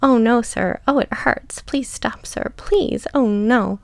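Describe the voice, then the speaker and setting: A woman voicing a frightened young woman who pleads and sobs in a raised, higher voice. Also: expressive, a little slow, creaky, dry recording, full character voice. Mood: pleading. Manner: sobbing, pleading, raised and higher than the narration.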